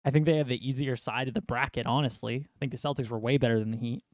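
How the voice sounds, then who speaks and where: A man's voice: mid-range voice, steady tone, quick pace, dry recording. Young man ranting about basketball, dry sound. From New York. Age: young adult. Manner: rambling, exasperated ranting. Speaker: sports fan vlogger. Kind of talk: ranting sports commentary.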